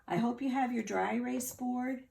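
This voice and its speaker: A woman's voice: a little high, fairly even intonation, normal speed, creaky, darkish tone, a little hiss or hum. A woman teacher giving a phonics lesson to children, patiently sounding words out syllable by syllable.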